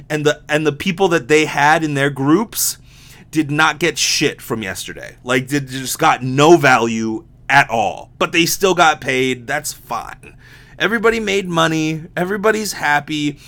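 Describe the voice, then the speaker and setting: His voice a little high and a bit bright, a young man hosts a casual podcast alone at a moderate pace. Impacted wisdom teeth leave his mouth sore and he has a slight lisp, and he rambles candidly, restarting and swearing often.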